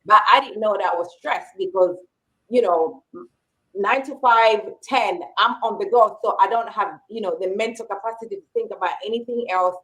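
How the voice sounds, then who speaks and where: A woman's voice: mid-range voice, moderate pace, fairly bright tone, low-quality recording. A woman in her forties, a podcast co-host, telling a personal story in casual chat and acting out what people said to her. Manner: candid personal storytelling, acting out quoted remarks.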